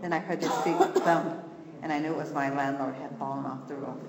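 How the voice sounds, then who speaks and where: A woman's voice: low-pitched, steady tone, fast, echoey room, big-room sound, heavy background noise. A woman giving an earnest personal testimony at church, telling her story step by step and acting out the voices in it.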